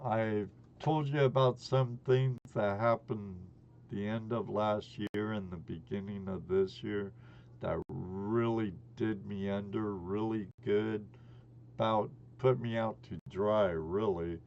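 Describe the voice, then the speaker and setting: A man's voice: lowish voice, fairly even intonation, takes it slowly, gravelly, a little mellow, dull audio, a little hiss or hum. A man in his sixties hosting a casual live stream, rambling in a chummy way and greeting his chat viewers by name. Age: 60s.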